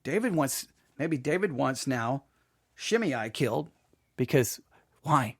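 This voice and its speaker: A man's voice: mid-range voice, lively intonation, slow pace, no room sound, studio quality. A man teaching a Bible passage in a loose, conversational way, often restarting words and checking in with "all right?".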